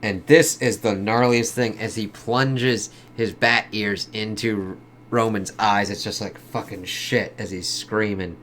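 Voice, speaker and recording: A man's voice: lowish voice, fairly even intonation, unhurried, fairly bright tone, slight background noise. A man giving a casual comic book review, swearing a lot and filling his talk with "kind of" and "like.". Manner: casual, heavy swearing, lots of fillers like "kind of".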